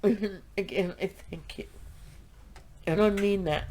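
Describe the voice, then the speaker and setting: A woman's voice: medium pitch, unhurried, long pauses, a little mellow, slight background noise. A middle-aged woman hosting a crochet podcast, talking emotionally and rambling as she thanks her viewers. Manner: emotional, gushing, rambling with restarts. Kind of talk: heartfelt thank-you talk to viewers.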